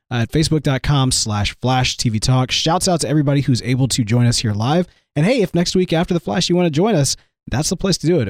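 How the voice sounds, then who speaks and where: A man's voice: fairly high pitch, no echo. Man, host, weak strained sick voice, rambling, enthusiastic, dry close sound. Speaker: podcast host. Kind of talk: casual fan discussion.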